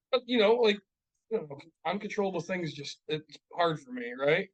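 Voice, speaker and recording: A man's voice: high voice, lively intonation, a little fast, rough recording. A man with a slightly raised voice tells stories about home life on a casual podcast. He swears constantly and vents in a heated, ranting way. His voice climbs sharply whenever the frustration spills over. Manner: profane, ranting, heated storytelling. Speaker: podcast co-host. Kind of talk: casual chat. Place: podcast studio.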